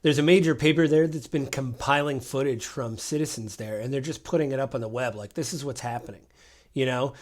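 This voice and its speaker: A man co-hosts a casual political podcast, speaking fairly quickly in a medium-pitched, slightly mellow voice. He retells incidents as stories and acts out the exchanges people had.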